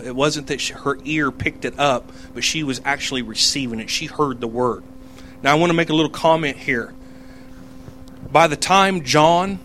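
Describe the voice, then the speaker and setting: Man, casual Bible teaching, conversational, self-correcting, middle pitch, faint background hum. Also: fairly bright tone. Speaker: preacher.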